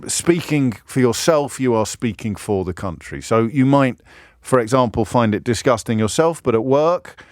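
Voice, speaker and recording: A man's voice: mid-range voice, lively intonation, normal speed, dry recording, clean studio sound. A man hosting a radio phone-in, wry and sardonic as he takes calls. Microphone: studio microphone.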